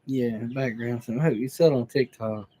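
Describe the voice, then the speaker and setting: A man making relaxed side remarks during a home livestream. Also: medium pitch, normal speed. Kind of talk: casual chat.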